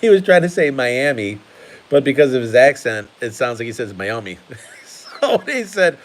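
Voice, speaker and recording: A man's voice: medium pitch, sing-song, normal speed, poor audio. A man hosting a casual card-collecting live stream, chatty and laughing often while he sorts cards at his table.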